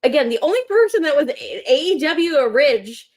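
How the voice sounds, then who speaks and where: A woman co-hosting a wrestling call-in show, ranting in an animated, frustrated way. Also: sits high, a little fast. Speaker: co-host. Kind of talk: casual chat.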